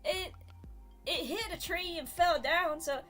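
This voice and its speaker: A woman voicing a small, innocent boy who speaks in a high, hesitant, wide-eyed way. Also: takes it slowly, fairly bright tone, faint music behind, heavily acted. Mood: earnest.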